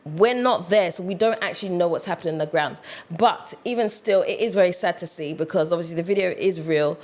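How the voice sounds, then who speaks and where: A woman's voice: lowish voice, brisk, a little mellow. A woman vlogger giving reflective, conversational commentary, thinking aloud with plenty of fillers. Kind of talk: commentary vlog.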